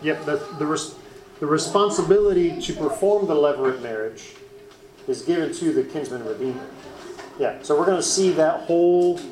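A man's voice: fairly high pitch, lively intonation, moderate pace, a crowd in the background. Southern man teaching a Bible class. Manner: earnest, explaining, asks the class questions. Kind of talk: leading a group Bible study. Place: church classroom. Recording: roomy room echo.

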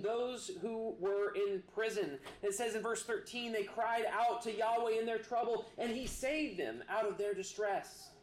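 A man preaching a sermon, earnest and halting, with many restarts. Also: sits high, roomy sound, a little hiss or hum. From United States. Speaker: pastor.

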